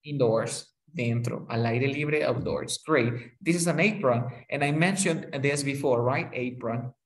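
A man teaching a one-on-one lesson, patiently saying each word slowly and repeating it. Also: medium pitch. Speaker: English tutor.

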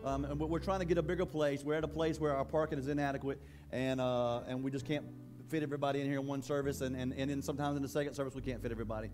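A male pastor preaching a sermon in a church, in a conversational, halting way that often repeats words. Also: medium pitch, fairly even intonation, darkish tone, soft background music.

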